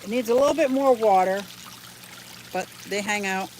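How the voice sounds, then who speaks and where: A woman who hosts a fish keeping channel chats and giggles through a casual home tour vlog about her fish and pets, walking around her house and yard while talking to her animals and viewers. Her mid-range voice is darkish and moves at a normal speed, with a little hiss or hum.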